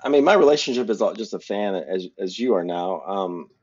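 A man's voice: low-pitched, a little fast, darkish tone, breathy edge. A man co-hosting a podcast, chatting casually about films in a rambling way with many fillers. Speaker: podcast co-host. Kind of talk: casual film discussion. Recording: dull lo-fi audio.

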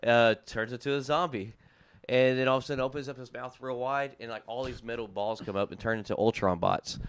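A man's voice: medium pitch, fairly even intonation, a little fast, clean tone, dry recording. A young man with a Southern US accent, telling a story animatedly as a podcast co-host and laughing often. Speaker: podcast co-host recapping comics. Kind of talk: casual chat.

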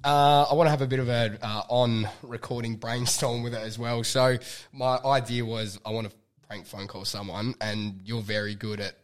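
A man's voice: mid-range voice, level tone, normal speed. An Australian man hosting a podcast, chatting casually with guests and swearing freely. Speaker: podcast host. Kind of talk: casual chat.

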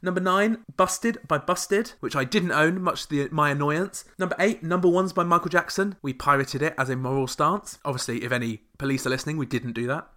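A man hosting a comedic podcast, full of sarcastic deadpan asides. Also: fairly high pitch, a little fast, few pauses. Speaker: podcast host.

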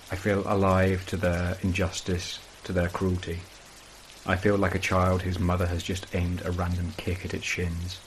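A man reading a first-person horror story as scripted narration, in a measured, brooding way. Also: sits low, a little hiss or hum, poor audio.

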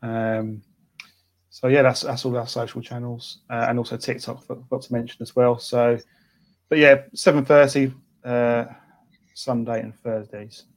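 A man's voice: mid-range voice, little pitch movement, a little slow. A man, a football fan guest on a podcast, speaking hesitantly with many ums and restarts. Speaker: guest, fan channel presenter. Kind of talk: casual podcast interview.

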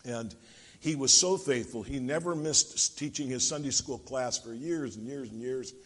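A man's voice: mid-range voice, moderate pace, a bit bright, long reverb tail. A man preaching a sermon in a church, telling funny stories and acting out the voices in them. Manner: jokey storyteller, acting out voices in the tales. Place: church sanctuary.

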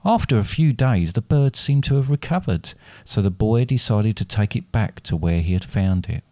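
A man reading his own dark fairy tale aloud as a storyteller, with steady, deliberate narration, then chatting with his co-host. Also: on the low side, dry recording.

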